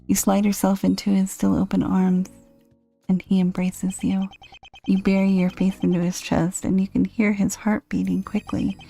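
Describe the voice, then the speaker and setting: A woman reading a dating game's text aloud, with dry, deadpan asides. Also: fairly low pitch, gravelly.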